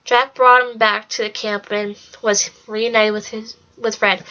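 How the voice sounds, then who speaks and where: A woman reading a storybook aloud in an even, steady way. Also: a little high, unhurried, few pauses, muffled recording. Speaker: reader. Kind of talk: storybook read-along narration.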